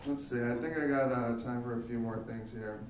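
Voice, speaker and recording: A young man performing an animated stand-up comedy set on a theater stage, jumping into high squeaky voices for the people he quotes. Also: brisk, a little hiss or hum. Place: theater stage, live audience. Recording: echoey theater from far off.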